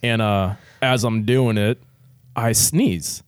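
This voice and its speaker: A man's voice: fairly low pitch, slow, clear, resonant tone, no echo. Chill guy telling a crude story, swears a lot, laughs through it, dry close mic. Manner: laid-back, profane, laughs often through his words. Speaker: military veteran guest telling a story. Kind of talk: casual storytelling on a podcast.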